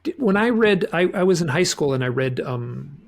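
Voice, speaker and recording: A man's voice: a little high, expressive, moderate pace, vocal fry. A man talking as a guest author in a casual interview, rambling with many restarts and repeated words.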